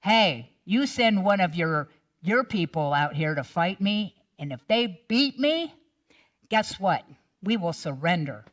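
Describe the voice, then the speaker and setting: A woman voicing a huge male warrior who taunts loudly, putting on a mocking tone while telling a Bible story in a sermon. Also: fairly low pitch, big pitch swings, takes it slowly. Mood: taunting. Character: taunting giant male warrior, loud bully.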